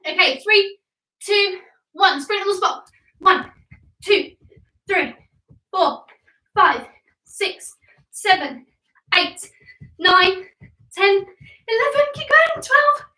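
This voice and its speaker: A woman's voice: extremely high pitch, sharp tone. A woman, coaching a kids' home workout class in an upbeat, encouraging way and counting reps aloud. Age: 20s. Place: room at home. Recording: echoey room, mic at a distance.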